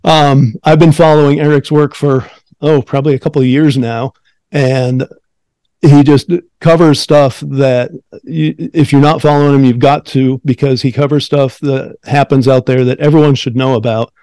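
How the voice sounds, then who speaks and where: A man's voice: mid-range voice, steady tone, normal speed, dark tone, no echo. A man hosting an interview podcast in an upbeat, friendly way, with frequent fillers. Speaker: podcast host.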